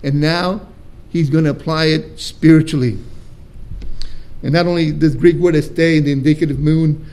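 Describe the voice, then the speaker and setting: A pastor preaching a sermon with emphatic, deliberate stresses and rhetorical questions to his congregation in church. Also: a little high, steady tone, darkish tone, clean tone.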